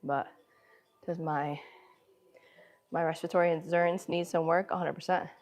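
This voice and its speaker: A woman's voice: fairly low pitch, steady tone, moderate pace, darkish tone. A woman live-streaming her workout, chatting casually with viewers between sets, laughing often and out of breath, with a runny nose. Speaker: fitness livestreamer. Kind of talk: casual live-stream chat while exercising.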